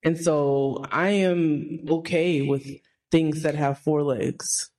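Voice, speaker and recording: A woman raised in Texas, co-hosting a podcast and chatting in an enthusiastic, excitable way. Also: low-pitched, takes it slowly. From Texas, United States. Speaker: podcast co-host. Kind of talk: casual chat.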